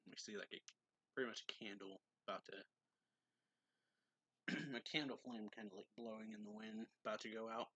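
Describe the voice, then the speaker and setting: A man casually recapping a manga chapter as a reviewer, rambling with lots of filler words and frequent throat clearing. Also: fairly low pitch, fairly even intonation, fairly quick, long pauses, bright, forceful tone, no room sound.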